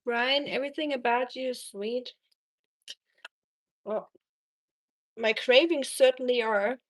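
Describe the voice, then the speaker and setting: Slow, chatty woman streaming while cooking. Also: fairly high pitch. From Germany. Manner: chatty, reads chat aloud, frequent ums. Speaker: live stream cooking host. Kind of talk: casual live stream chat with viewers.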